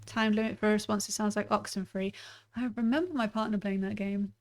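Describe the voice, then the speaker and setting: A woman's voice: mid-range voice, steady tone, fairly quick. A woman streamer giving casual game commentary, chatty and self-correcting as she thinks aloud.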